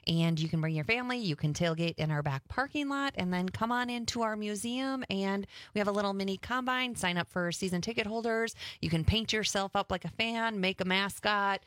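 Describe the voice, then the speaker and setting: A woman's voice: mid-range voice, fairly quick, few pauses, fairly bright tone, no room sound, clean studio sound. A woman guesting on a radio show, upbeat and chatty, poking fun at herself. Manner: upbeat, chatty, self-mocking. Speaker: radio guest, museum director. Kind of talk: casual radio banter.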